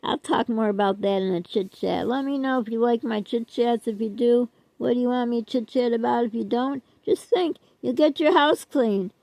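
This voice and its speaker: A woman's voice: fairly high pitch, moderate pace, creaky, hardly any pauses, darkish tone, dry recording, low-quality recording. An older woman vlogger chatting casually to her viewers, rambling and self-deprecating, often trailing off with "I don't know.".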